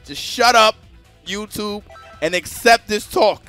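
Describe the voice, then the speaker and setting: A man's voice: sits high, takes it slowly, bright, forceful tone, faint music behind. A man casually commentating a live stream, joking crudely and talking straight to the chat.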